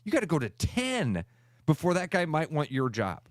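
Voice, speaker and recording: A man's voice: a little high, huge pitch swings, normal speed, dry recording, studio quality. A man co-hosting a sports talk radio show, arguing his point emphatically and ranting about money in college sports.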